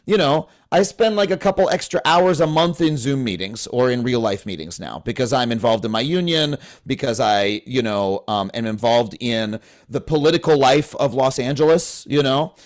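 A man's voice: mid-range voice, normal speed, hardly any pauses. A man in his thirties, a comedian guest on a podcast, talking in an impassioned, profane, rambling way. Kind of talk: animated podcast conversation.

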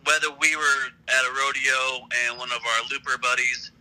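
Man, very bright tense voice, rambling, laid-back storyteller, podcast guest. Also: mid-range voice, fairly even intonation, normal speed, low-quality recording. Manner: laid-back, rambling, laughs while telling stories. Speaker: podcast guest, brand founder. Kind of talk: casual interview storytelling.

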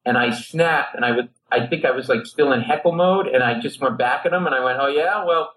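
A middle-aged comedian from Rhode Island, a guest on a talk show, tells a long story animatedly and acts out its characters. His mid-range voice is brisk, and the audio quality is poor.

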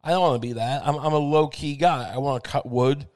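A man rambling through a comic monologue, self-mocking and profane, with frequent halting restarts. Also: medium pitch, darkish tone.

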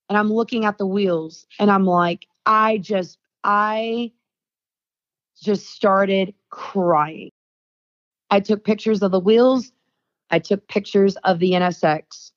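A young adult woman, a podcast guest, telling a story in casual chat and acting out the quoted dialogue. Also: medium pitch. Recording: dull, lo-fi dry sound.

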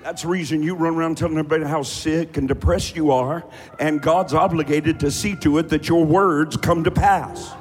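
A man preaching a sermon, fervently shouting and chanting some lines. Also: a little high, steady tone, moderate pace. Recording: faint music behind.

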